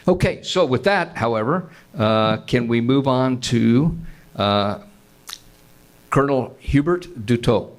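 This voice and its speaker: A man's voice: medium pitch, animated, takes it slowly. A man moderating a conference panel, polite and a little hesitant.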